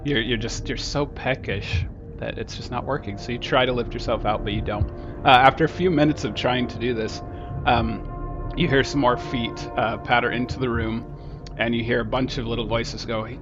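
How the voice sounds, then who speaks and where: A man's voice: mid-range voice, fairly even intonation, normal speed. A man narrating as game master of a tabletop game, laid-back and hesitant with many fillers. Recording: dull lo-fi audio with loud music.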